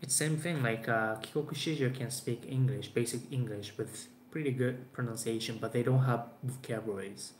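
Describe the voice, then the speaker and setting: A man's voice: medium pitch, fairly even intonation, moderate pace, few pauses. A man, talking casually to camera with plenty of fillers and restarts. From Japan. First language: Japanese. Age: 20s. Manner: rambling with many fillers and restarts. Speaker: vlogger. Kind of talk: casual talk to camera answering viewer questions. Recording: roomy echo, faint background noise.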